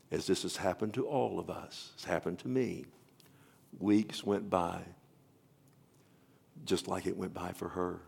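Gravelly low-voiced male preacher. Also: a little slow, pauses often. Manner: dramatic, swinging between loud and hushed; addresses listeners directly with questions. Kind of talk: sermon storytelling.

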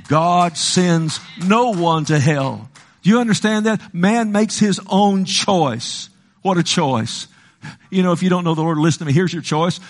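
Preaching with passion, an older man uses a higher voice with lively intonation at a normal speed. He swings between loud pleading and quiet, hushed lines, performing the voices of those he quotes.

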